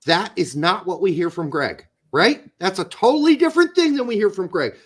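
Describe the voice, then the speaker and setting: A man's voice: sits high, animated, brisk, breathy edge. A man co-hosting a soccer podcast, ranting in a casual, profane and heated way. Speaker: podcast co-host. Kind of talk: casual sports-podcast rant.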